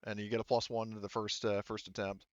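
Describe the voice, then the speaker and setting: A man with a lowish voice runs a tabletop session as game master, thinking aloud through the rules. He hedges with ums and uhs as he explains. The sound is dry and a little dull and lo-fi. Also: level tone, fast, no echo. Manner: hesitant, lots of ums and uhs.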